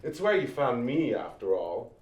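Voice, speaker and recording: A man's voice: mid-range voice, sing-song, natural voice. A man playing a flamboyant showy djinn. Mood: teasing. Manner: grandiose, teasing, drawn-out delivery. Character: flamboyant theatrical male djinn spirit. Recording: roomy echo.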